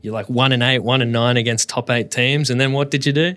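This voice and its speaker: This is an Australian man chatting on a podcast in an easy, mid-pitched voice. He jokes around and acts out quick made-up exchanges between people and animals to land a point. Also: fairly even intonation, a bit bright, smooth. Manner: jokey, acts out mock dialogues. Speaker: podcast co-host. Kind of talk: casual banter.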